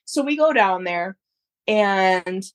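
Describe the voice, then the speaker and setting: A woman in her thirties, a podcast guest, telling a story in a casual, animated way. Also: mid-range voice, slow pace, slight background noise. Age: 30s. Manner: animated, acts out others' voices in quotes.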